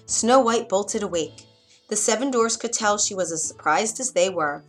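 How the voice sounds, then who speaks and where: Expressive woman reading a fairy tale. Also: mid-range voice, moderate pace, faint music behind. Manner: expressive, dramatic. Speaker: storyteller. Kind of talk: storybook read-aloud.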